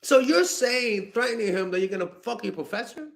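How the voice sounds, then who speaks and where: A young man giving blunt, animated dating advice to fans in a casual stream, swearing freely and sounding exasperated. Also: extremely high pitch, fairly quick, creaky. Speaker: dating coach answering fan questions.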